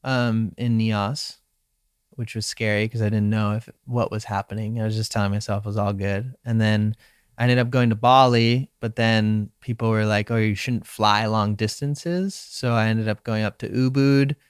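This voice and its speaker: A young man from Hawaii tells a personal story in a relaxed, reflective interview manner, slipping into his own inner voice as he recounts it. His voice is smooth and resonant. He is recorded dry and close to the mic. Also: fairly low pitch, normal speed, dry recording. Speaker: professional surfer, guest.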